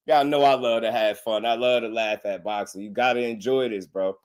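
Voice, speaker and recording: A man giving casual boxing commentary on a live stream, slangy and animated, laughing often. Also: mid-range voice, unhurried.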